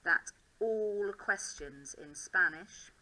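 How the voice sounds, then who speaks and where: Bright-voiced English woman teaching. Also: lowish voice, drawn-out words, rough recording. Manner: thinking aloud while writing, upbeat and self-encouraging. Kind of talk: classroom demonstration.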